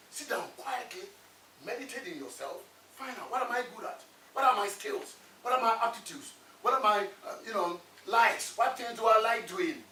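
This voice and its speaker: A man's voice: extremely high pitch, sharp tone, recorded from a distance. A man giving a motivational talk to students, emphatic and repetitive, firing questions at his audience. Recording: echoey room, voice from afar.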